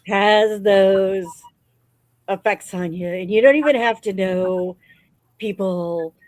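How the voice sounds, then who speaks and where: A woman's voice: medium pitch, slow, darkish tone, no room sound, rough recording. A woman hosting a casual podcast chat, supportive and conversational.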